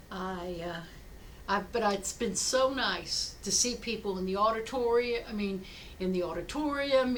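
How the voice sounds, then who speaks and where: A woman chaplain speaking from her office, giving a devotional talk with gentle storytelling and restarts. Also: a little high, slight background noise. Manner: slow, warm-hearted storytelling with many restarts. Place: her office in a healthcare center.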